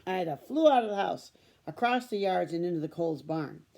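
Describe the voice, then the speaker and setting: A woman reading a children's chapter book aloud in a steady storytelling manner. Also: lowish voice, fairly quick, gravelly. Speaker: storybook reader.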